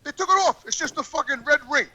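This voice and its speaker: Brief: male podcast regular, very high, sharp voice, profane and rambling rants over a video call. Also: animated, fast, slight background noise, rough recording. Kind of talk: casual chat, ranting.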